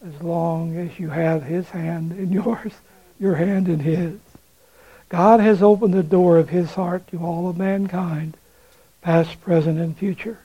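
Guy preaching a sermon, high mellow voice, gets fervent and repeats stuff, kinda muffled recording. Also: fairly even intonation, unhurried, husky. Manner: fervent, repeats phrases for emphasis. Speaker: pastor.

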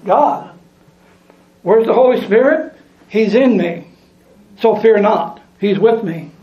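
A man's voice: high voice, slow, pauses often. A man preaching a sermon, reading scripture aloud and repeating lines for emphasis. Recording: echoey room, dull lo-fi sound.

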